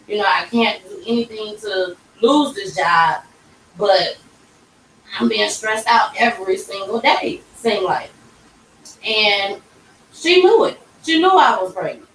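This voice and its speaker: A young woman tells a personal story on her podcast, acting out every quoted line. She sounds set back from the microphone. The room adds an echo and a faint hum of ambience. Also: mid-range voice. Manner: emotional, animated retelling with quoted voices. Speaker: podcast host. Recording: roomy echo, distant mic.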